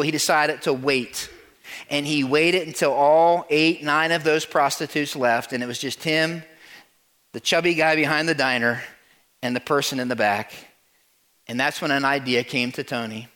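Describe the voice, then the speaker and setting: A man preaching, telling a story, swinging from loud to hushed. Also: fairly high pitch, moderate pace. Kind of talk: sermon storytelling.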